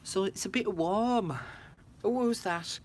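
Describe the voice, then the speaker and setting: A British woman chats casually with viewers during a craft livestream from her room at home, laughing often. Her medium-pitched voice is slow and a little mellow, with slight hiss or hum in the recording.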